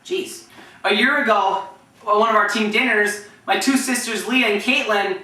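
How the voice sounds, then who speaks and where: A young man rambles through stories about his team, chatty and full of restarts. His voice is bright and sharp. He sounds like he is in an echoey room, with the mic set some way off. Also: sits high, moderate pace, recorded from a distance. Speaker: vlogger telling team stories. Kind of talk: casual storytelling with impressions.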